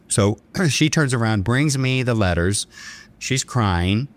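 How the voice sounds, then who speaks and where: Lower-voiced man telling a dramatic story. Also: a little slow. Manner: earnest, dramatic retelling with quoted dialogue. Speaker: bank chairman and podcast guest. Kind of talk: storytelling in an interview.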